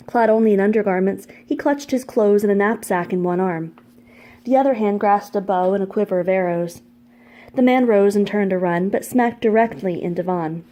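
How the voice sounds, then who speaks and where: A woman reads a fantasy novel aloud in a steady, measured narration. Her voice is warm and mellow, sitting at an ordinary middle pitch. She keeps an even storybook pace through the prose. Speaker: audiobook narrator. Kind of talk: scripted narration.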